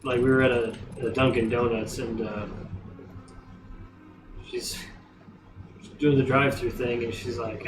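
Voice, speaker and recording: A man's voice: mid-range voice, flat delivery, unhurried, pauses often, far from the mic, noisy background. A man giving chatty, rambling let's play commentary, recorded off-mic in a roomy space with game music behind. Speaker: gamer streamer.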